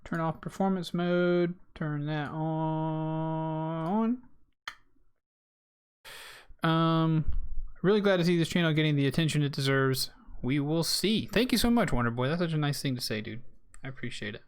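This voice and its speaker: Young male streamer, casual sign-off chat, slightly high-pitched. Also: fairly quick, smooth. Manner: chatty, thanks viewers by name. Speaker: game streamer.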